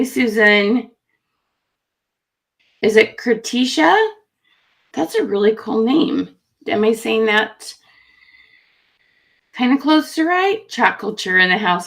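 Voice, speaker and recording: A woman's voice: medium pitch, fairly bright tone. A woman hosting a live online stream, chatting in a friendly way as she greets viewers in the comments. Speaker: livestream host.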